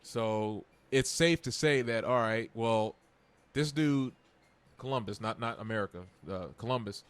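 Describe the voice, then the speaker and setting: A man's voice: mid-range voice, a little slow, smooth. A man co-hosting a casual podcast chat, rambling and restarting his sentences, with loose slang. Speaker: podcast co-host.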